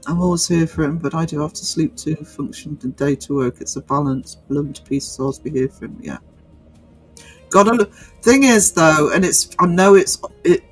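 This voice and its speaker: A man's voice: a little high, breathy edge, no room sound, rough recording. A man hosting a livestream, chatting casually through viewer comments with many fillers and restarts. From North East England. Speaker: livestream host.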